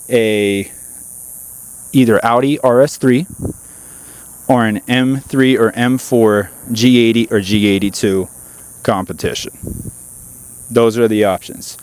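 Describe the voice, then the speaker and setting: Guy doing a chatty car vlog outside by his ride, kinda low voice, keeps saying you guys. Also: a little mellow, no echo. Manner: chatty, addresses viewers directly. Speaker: car channel host. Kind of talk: casual vlog chat. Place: outdoors beside his car.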